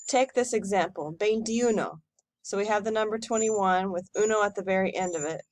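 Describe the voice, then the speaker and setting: A woman teacher giving a recorded lesson, modelling each number slowly and clearly for students to repeat. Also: medium pitch, no echo. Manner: slow, careful model pronunciation for repeating. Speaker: Spanish teacher.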